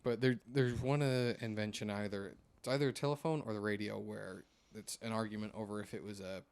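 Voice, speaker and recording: A man's voice: on the low side, steady tone, a little fast, darkish tone. A young man hosting a casual podcast chat, rambling with many fillers and hesitations. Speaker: podcast host.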